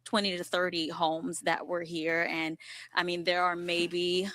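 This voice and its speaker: Female live reporter, lowish pitch, calm and compassionate, on location outdoors. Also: a little slow, dry recording. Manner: sympathetic, steady, descriptive. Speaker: field reporter. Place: outdoors at a storm-wrecked site.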